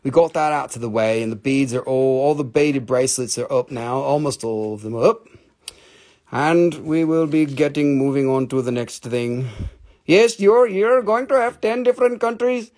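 A man hosting a live rock and mineral sale, chatting casually. He talks fast, rambles with excitement and swears freely. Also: mid-range voice. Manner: talks fast when showing items. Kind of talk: live sales stream, casual chat.

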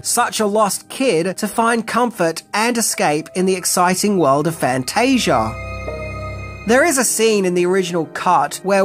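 A video essay narrator giving casual film commentary with wry, conversational asides. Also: medium pitch.

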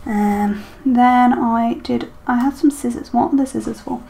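A woman talks her way through decorating a planner, musing aloud with lots of ums and small questions to herself. Her voice sits a little high, with a gravelly, creaky texture. A faint hum runs under the recording. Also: steady tone, unhurried, warm tone. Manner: chatty, self-talking while decorating, many ums. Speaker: planner vlogger. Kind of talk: casual plan-with-me chat.

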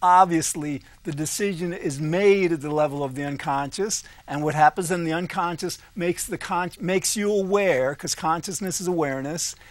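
A man's voice: a little high, normal speed, hardly any pauses, no room sound. A man co-hosting a casual discussion show, explaining his ideas in a rambling way with frequent laughs. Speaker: co-host.

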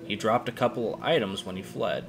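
A man voicing a dying adventurer's note in a slow, tired, grave reading. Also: on the low side, noisy background, natural voice.

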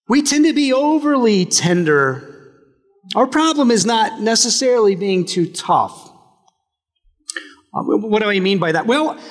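A male pastor giving a sermon in a relaxed, joking way, often restarting his phrases. His voice sits high for a man. The church adds a long, trailing reverb. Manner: conversational and humorous, with frequent restarts. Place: church sanctuary.

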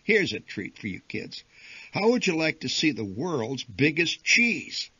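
A man's voice: fairly high pitch, very animated, a little slow, pushed and bright, slightly rough, no echo, highs cut off, voice pushed up, heavily acted. A man voicing an eager, bossy father who gets worked up and blusters. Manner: enthusiastic, blustering. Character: excitable, bossy middle-aged father.

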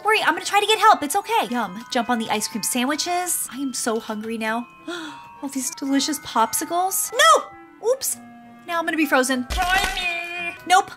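Female gaming host, high bouncy voice, excitable play-by-play, faint game music underneath. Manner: excitable, gushing running commentary. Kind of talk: gameplay commentary.

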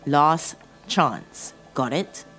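A woman voicing a furious, bossy male goat gangster who yells and snaps at his crew in a narrated horror story. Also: sits low, lively intonation, very slow, soft background music, exaggerated voice. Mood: begrudging. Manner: yelling, snapping.

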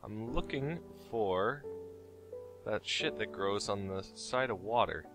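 A man hosting a casual game let's-play who is excitable and yelps and swears when attacked. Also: on the low side, takes it slowly, faint music behind. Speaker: Minecraft let's-play host. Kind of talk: casual gaming chat.

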